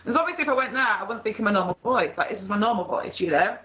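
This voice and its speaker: A woman's voice: medium pitch, expressive, racing. A chatty woman with a Yorkshire accent rambles through a casual video call, laughing easily as she goes. Her voice sits in a middle range and comes through slightly dull and muffled over the call line. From Leeds area, England. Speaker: call participant. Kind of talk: casual conversation.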